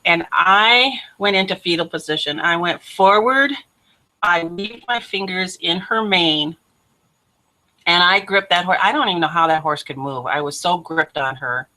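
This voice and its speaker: A woman hosting her own show, telling a personal testimony in an animated way, laughing often and acting out what people said. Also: on the low side, moderate pace. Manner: animated, laughs often, acts out quoted voices. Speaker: host.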